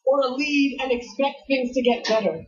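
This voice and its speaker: A woman in her thirties performing a brash, animated stand-up comedy set, working the crowd on a comedy stage. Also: sits high, moderate pace. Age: 30s. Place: comedy club stage before a live audience. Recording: dull lo-fi TV broadcast.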